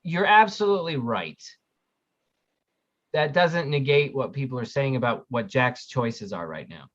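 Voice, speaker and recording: A man's voice: medium pitch, expressive, unhurried, a bit bright. A man co-hosting a casual livestream, reading viewer comments and ranting bluntly with frequent swearing. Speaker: podcast co-host reading chat. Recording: muffled lo-fi audio.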